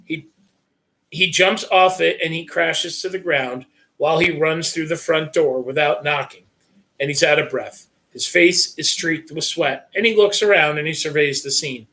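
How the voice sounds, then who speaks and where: Bright-voiced man reading a novel aloud. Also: on the high side, moderate pace. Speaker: reader. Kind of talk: first-person novel narration.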